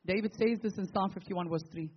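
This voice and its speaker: A man preaching a sermon as pastor, posing rhetorical questions with emphatic pauses. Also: sits high, slightly rough, dull audio.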